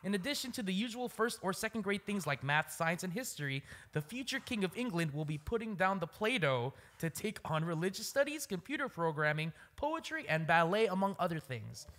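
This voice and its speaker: A man co-hosting a podcast, reading out a news story in an animated, amused way. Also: sits high, a little fast, few pauses. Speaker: podcast co-host.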